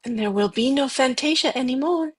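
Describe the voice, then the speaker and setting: A woman reading the part of a gentle, wise young empress in a table read, with a soft, calm and encouraging way of speaking. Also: high voice, brisk, slightly rough.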